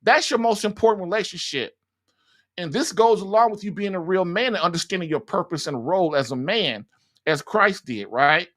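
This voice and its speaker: A man's voice: sits high, animated, moderate pace, fairly bright tone. Blunt, folksy man giving marriage advice. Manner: blunt, folksy, laughs at his own points. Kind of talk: casual advice monologue.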